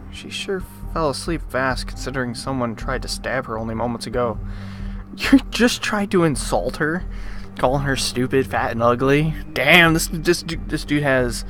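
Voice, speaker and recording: A man's voice: medium pitch, normal speed, over music. Man reading game text with rants. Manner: reads narration, then breaks off into animated, joking rants. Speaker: let's play host.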